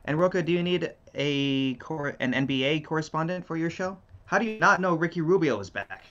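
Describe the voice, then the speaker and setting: A man's voice: a little high, lively intonation, a little fast, a bit bright, lo-fi sound. A male co-host reading viewer messages aloud in an easygoing, casual way. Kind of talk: casual chat.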